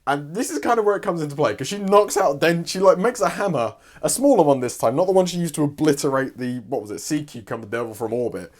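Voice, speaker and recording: Young man, casual story recap, rambling, sweary asides, slightly higher voice. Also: expressive, fast talker, few pauses, darkish tone. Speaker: YouTuber.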